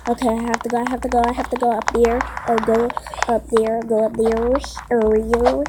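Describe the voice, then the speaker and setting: A woman giving excitable, casual commentary while playing a game, exclaiming and muttering to herself, recorded on a phone. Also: a little high, normal speed, very noisy. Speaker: gameplay commentator. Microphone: phone microphone via screen recorder.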